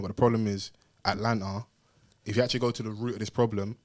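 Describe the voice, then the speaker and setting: A man's voice: on the low side, steady tone, quick pace, long pauses, darkish tone. A young man co-hosting a podcast in casual, joking chat. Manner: joking, playful banter with frequent laughs. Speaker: podcast co-host.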